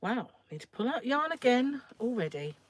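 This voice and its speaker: A croaky woman hosting a casual crochet livestream from home, chatting and rambling while she works and often clearing her throat. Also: a little high, big pitch swings, moderate pace, slight background noise. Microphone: phone.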